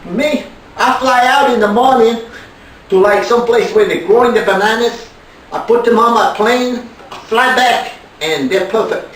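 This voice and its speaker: A man's voice: very high voice, moderate pace, fairly bright tone. A man playing a foul-mouthed, boastful male chef in a comedy sketch, recorded from far off in an echoey room. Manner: profane, swaggering brag.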